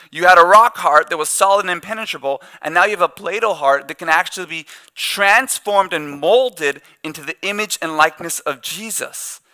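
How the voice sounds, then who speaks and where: A man's voice: high-pitched, sharp tone. A male pastor preaching a sermon in a conversational way, with joking asides and playful quoted back-and-forth. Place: church.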